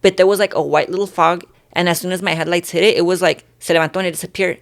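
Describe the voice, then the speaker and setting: A podcast guest telling ghost stories in casual chat, talking fast and switching between English and Spanish. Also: sits high, steady tone, gravelly.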